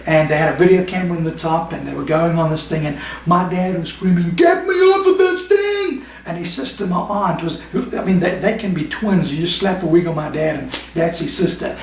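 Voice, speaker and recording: A man preaching from the pulpit, a fairly high voice, pressing his points with quick runs and slowed, stressed phrases. He sounds some way from the mic in an echoey church hall with faint ambience behind. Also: gravelly. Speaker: pastor. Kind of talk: sermon. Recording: echoey room, mic at a distance.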